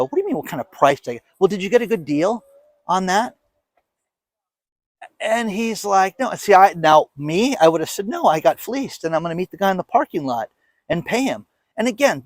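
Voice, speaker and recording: A man's voice: high-pitched, expressive, moderate pace, no room sound. A man in his fifties, hosting a casual monologue, telling a story with emphatic, indignant energy and acting out quoted lines. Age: 50s. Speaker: show host.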